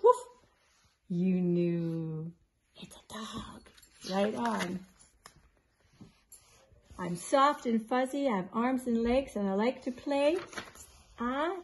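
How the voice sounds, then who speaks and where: Slow, gentle grandmother reading aloud. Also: mid-range voice, slight background noise. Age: older. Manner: slow, gentle, playful quizzing with hums. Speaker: grandmother reading a picture book. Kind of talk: bedtime story reading to grandchildren.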